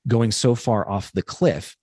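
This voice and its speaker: A man's voice: lowish voice, unhurried, darkish tone, husky, no echo, studio quality. A man co-hosting a podcast, talking through a personal story in an earnest, rambling way with lots of fillers. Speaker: podcast co-host. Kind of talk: casual reflective podcast chat.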